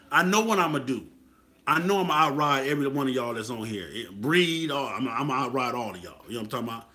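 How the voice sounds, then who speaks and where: Expressive and fast, his mid-range voice sounds pushed and bright. He's a motorcycle club talk host from Atlanta whose relaxed pep talk turns preachy and repetitive, punctuated by "you feel what I'm saying?"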